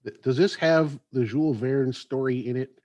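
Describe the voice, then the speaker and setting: Dry-sounding, halting male moderator. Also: mid-range voice, a little mellow, no echo. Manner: halting, drawn-out fillers, joking asides. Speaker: panel moderator. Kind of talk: convention panel discussion. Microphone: video call.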